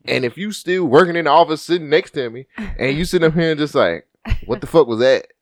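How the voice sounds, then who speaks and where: A man's voice: a little high, fast talker, no echo, studio quality. A man co-hosting a casual chat, playful and profane, with many restarts as he explains. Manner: playful, swearing, hesitant restarts.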